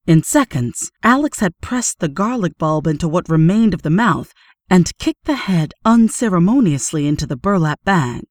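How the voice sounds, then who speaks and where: A woman narrates a horror tale in a steady, measured audiobook read. Her voice sits low, recorded close on a dry mic with no room around it. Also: dry recording.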